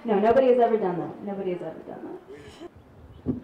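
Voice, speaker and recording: A woman's voice: medium pitch, fast. A woman puts playful questions to a gathered crowd. Her voice sounds distant and dull, with a roomy echo and faint background noise. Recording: echoey, distant, dull room recording.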